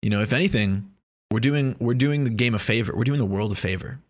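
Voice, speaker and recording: A man's voice: mid-range voice, fast, dry recording, clean studio sound. A young man talking in a casual, rambling monologue, joking and swearing freely.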